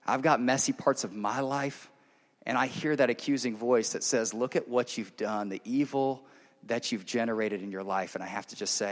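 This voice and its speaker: A man preaching a sermon to his church, earnest and direct, moving between loud emphatic passages and hushed intimate ones. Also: medium pitch. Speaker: pastor. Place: church service. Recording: long reverb of a large hall.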